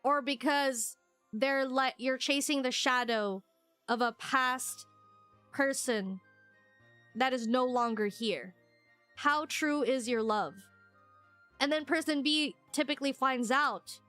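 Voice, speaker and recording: A young woman streamer chatting casually with her viewers, rambling and excitable, squealing whenever she thanks someone. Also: sits high, no room sound.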